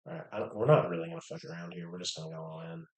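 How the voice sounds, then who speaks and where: A man casually commenting on his own online poker game, thinking aloud with many hesitations and low mutters. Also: big pitch swings, very fast, darkish tone, echoey room. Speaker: poker streamer.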